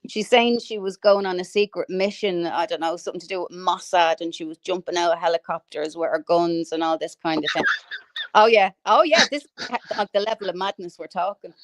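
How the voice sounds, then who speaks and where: Animated woman ranting with laughs. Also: on the low side, brisk, dry recording, studio quality. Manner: animated, swears freely, laughs while ranting. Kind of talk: casual chat on a livestream.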